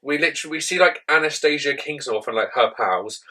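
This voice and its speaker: A man's voice: fairly high pitch, fast, poor audio. A young man hosting a podcast, telling a story in a rambling way and saying "like" often. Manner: rambling, heavy use of "like", animated retelling. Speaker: podcast co-host. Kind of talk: casual storytelling chat.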